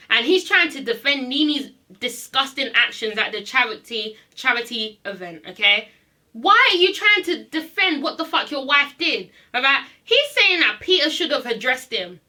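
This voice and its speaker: This reality TV reviewer's voice sits high and sounds pushed and bright. In a casual ranting recap of an episode, she gets blunt and sassy, cursing freely and saying things twice to drive them home.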